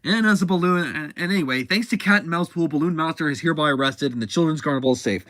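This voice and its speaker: A man talks through a comic in a loose, rambling way, stopping to correct and restart his sentences. His voice sits a little higher than most men's. The sound is dry and close. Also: quick pace, a bit bright, dry recording. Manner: rambling, self-correcting, chatty. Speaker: comic book reviewer. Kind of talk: casual comic recap.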